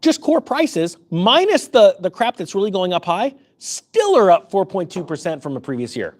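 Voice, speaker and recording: A man's voice: high-pitched, wildly swooping pitch, normal speed. A man giving sarcastic, jokey commentary on economic news, breaking into mock voices. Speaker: finance YouTuber.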